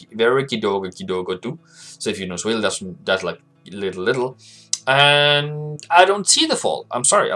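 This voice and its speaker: With a fairly bright, mid-range voice, a man hosts a relaxed livestream about trading as a forex analyst. His talk is rambling and chatty, and he reads viewers' chat out loud.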